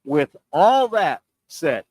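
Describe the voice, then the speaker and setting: Guy doing sports talk, slow and punchy, keeps repeating himself to hammer it home, dry close sound. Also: on the high side, sing-song, darkish tone, dry recording, low-quality recording. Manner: emphatic, repeats points for effect, rhetorical questions; pauses and stretches words for emphasis. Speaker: sports talk show host.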